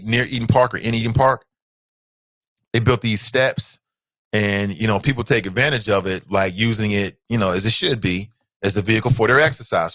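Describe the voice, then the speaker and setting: A man hosts his own show in a loose, conversational monologue, full of asides and filler. He keeps spiking into loud, high outbursts when something annoys him. His voice is bright and forceful, and the recording is dry and close. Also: no echo. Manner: emphatic, ranting, jumps into loud high outbursts. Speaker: talk show host. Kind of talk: casual talk-show monologue.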